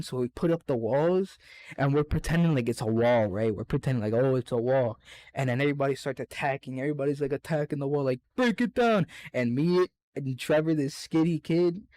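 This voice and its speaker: A man's voice: medium pitch, mellow, no room sound. A young man on a casual podcast, telling a rowdy, profane story full of acted-out quotes. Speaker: podcast co-host.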